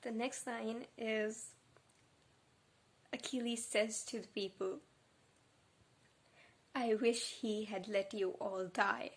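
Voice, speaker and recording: A young woman talks through her reading vlog in an unhurried, drawn-out way, her voice sitting a little high. She gushes with feeling and sounds close to tears. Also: fairly even intonation, slightly rough. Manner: emotional, gushing, close to tears. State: tearful. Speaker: book vlogger. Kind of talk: casual reading vlog chat.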